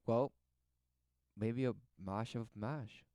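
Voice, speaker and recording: Smooth-voiced man preaching over a clip. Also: mid-range voice, slow pace, warm tone, dry recording. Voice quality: exhorting, emphatic preaching manner. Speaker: commentator reacting to a video. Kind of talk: preachy religious commentary.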